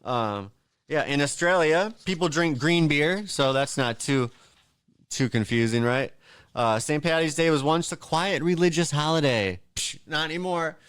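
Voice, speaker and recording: A man's voice: on the high side, unhurried, a bit bright, smooth, dry recording. A man hosting a podcast on his own, reading out holiday facts in a casual, rambling way, with joking asides and plenty of fillers. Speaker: podcast host.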